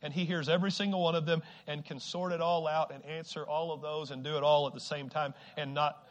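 A man preaching a sermon to a congregation, shifting from quiet, slow stretches to loud exhortation and stumbling over repeated words. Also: on the high side, steady tone. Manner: swings from hushed to shouting exhortation, repeats words; acts out quoted people with sudden shifts.

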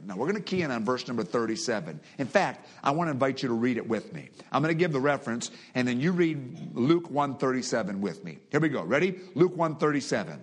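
A man's voice: medium pitch, big pitch swings, quick pace, hardly any pauses. A middle-aged man preaching a sermon, reading scripture aloud and leading his congregation in prayer. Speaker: pastor.

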